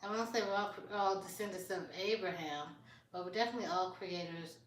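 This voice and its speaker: A woman's voice: lowish voice, distant mic, slight background noise. A woman chats on a live stream, hunting for her words and restarting sentences as she catches up on comments. Her voice sits back from the microphone. The room around her adds a noticeable echo. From United States. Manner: halting and searching, with frequent restarts while reading comments. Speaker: live streamer chatting with viewers. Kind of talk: casual live-stream chat. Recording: roomy, voice set back from the mic.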